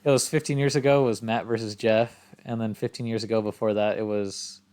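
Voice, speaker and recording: A man's voice: fairly low pitch, fairly even intonation, brisk, a little mellow, clear, resonant tone. A man co-hosting a podcast, easygoing in casual chat at a table, agreeing often and laughing along. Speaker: podcast co-host. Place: around a table with co-hosts.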